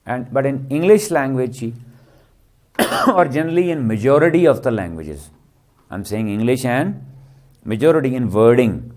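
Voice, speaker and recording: A man's voice: medium pitch, lively intonation, normal speed, pauses often, darkish tone. A man giving a literature lecture, constantly asking the class rhetorical questions. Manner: keeps quizzing with rhetorical questions, tags "ji".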